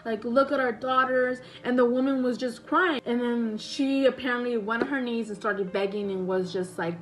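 A woman's voice: on the high side, fairly even intonation, normal speed, a little hiss or hum, rough recording. A young woman casually retelling a story to her viewers, rambling and correcting herself with many fillers. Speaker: vlogger.

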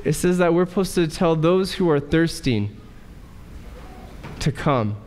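A male pastor preaching a sermon in a church, asking rhetorical questions and pausing for effect. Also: a little high, expressive, a little mellow, slight background noise. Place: church sanctuary. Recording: church hall reverb.

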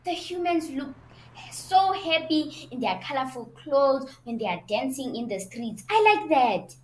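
Woman doing an excitable dog pal. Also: high voice, measured pace. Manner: excitable, playful. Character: excitable, curious dog friend. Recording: roomy sound with faint noise.

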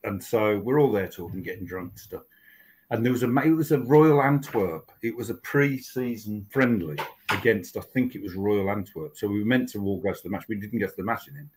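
A man's voice: lowish voice, a little fast, slight background noise, rough recording. A man in his sixties, a TV writer and show creator, talking as a guest in a casual podcast interview, telling stories with many restarts. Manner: rambling storytelling with many restarts.

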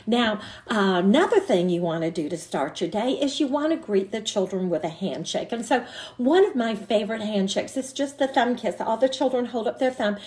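A woman's voice: a little high, expressive, normal speed, darkish tone. An older woman, an early childhood educator, giving an encouraging teacher training talk and breaking into short demonstration songs.

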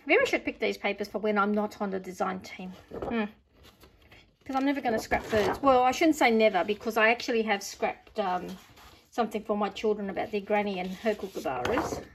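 A woman's voice: mid-range voice, fairly quick, a little hiss or hum. A middle-aged woman with an Australian accent, chatting casually as she unboxes craft supplies, gushing with delighted exclamations. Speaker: craft vlogger.

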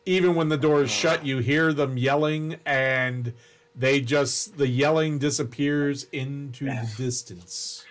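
Man, game master, tabletop narration, halting and unhurried. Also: medium pitch, fairly even intonation. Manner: halting, unhurried description with many restarts.

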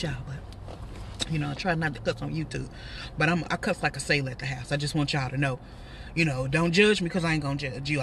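A woman's voice: low-pitched, a bit bright, far from the mic, slight background noise. A woman in her thirties with a Texas accent, chatting casually and laughing while she eats in her parked car. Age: 30s. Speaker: vlogger. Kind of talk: casual car mukbang chat.

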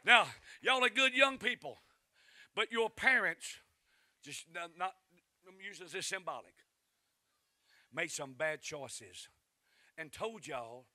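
A man preaching a fiery revival sermon, his voice pitched very high and ringing very bright. He swings from quiet asides to shouting and keeps calling for answers from the pews. The sound is dry and close, with almost no room around it. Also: lively intonation, slow, pauses often, dry recording. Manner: rises to shouting, calls for responses. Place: church sanctuary.

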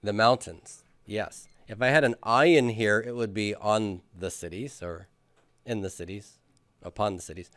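A man's voice: fairly low pitch, moderate pace, fairly bright tone, no room sound. A man teaching a class, patiently drilling students and having them repeat after him. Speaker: Hebrew grammar teacher. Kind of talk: classroom lecture with questions.

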